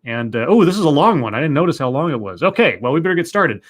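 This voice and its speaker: A man's voice: very animated, fast. A man hosting a casual live stream, greeting his chat one by one and chatting about his day in a playful, rambling way. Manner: playful, greets chat members one by one with sudden pitch jumps. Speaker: live-stream host reacting to talks. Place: home room.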